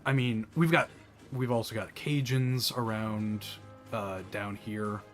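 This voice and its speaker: A man from the American South with a Southern accent, casually chatting while playing a game, rambling through animated asides. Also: lowish voice, takes it slowly, faint music behind. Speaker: gameplay commentator. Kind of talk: casual gameplay chat.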